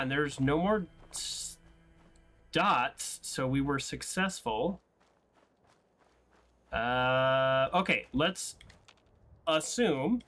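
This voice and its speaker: A man casually commentating on his own gameplay as host, excitable and self-mocking, often breaking into laughter. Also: medium pitch. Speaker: let's play host.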